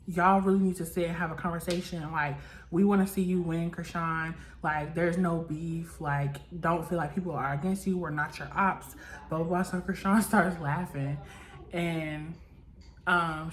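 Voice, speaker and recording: Young woman rambling thru a show recap, lots of likes, voice sits kinda low. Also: slight background noise. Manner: chatty, full of "like" and acted-out quotes. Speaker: reality show recap vlogger. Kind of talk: casual chat.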